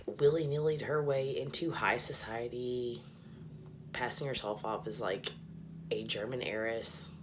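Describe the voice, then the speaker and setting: A woman's voice: a bass voice, noisy background. A tipsy woman rambling casually and profanely in a bathroom, often dropping to a mutter. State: tipsy, slurring a little. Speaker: vlogger.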